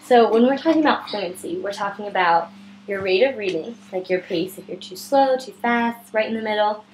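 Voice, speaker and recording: A woman's voice: medium pitch, moderate pace, a little hiss or hum, rough recording. A woman with a sore throat patiently tutoring a child in reading, explaining step by step. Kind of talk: one-on-one reading lesson.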